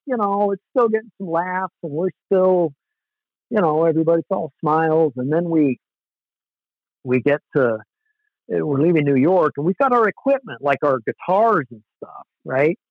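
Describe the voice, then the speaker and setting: A man with a slightly higher voice tells a story in a loose, animated way and swears freely. The sound is dry and close, with a dull, lo-fi edge. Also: normal speed, dry recording. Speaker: musician guest. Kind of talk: casual storytelling.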